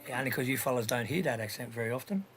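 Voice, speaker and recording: A man's voice: mid-range voice, expressive, racing, a bit bright, soft background music. An Australian man in casual voice chat, talking bluntly with slang and heavy swearing. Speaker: livestream voice chat participant.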